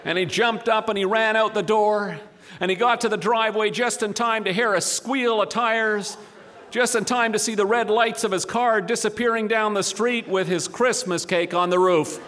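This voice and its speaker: High-voiced man telling a comic story. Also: steady tone, moderate pace, fairly bright tone. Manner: wry, dry comic delivery with asides.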